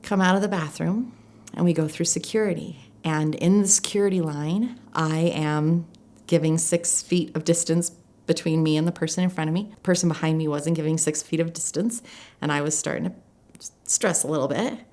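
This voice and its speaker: A woman life coach telling a personal story in a reflective, earnest way, slowing down to stress her points. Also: deep voice, fairly even intonation, a little mellow. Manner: reflective, earnest, slows down for emphasis.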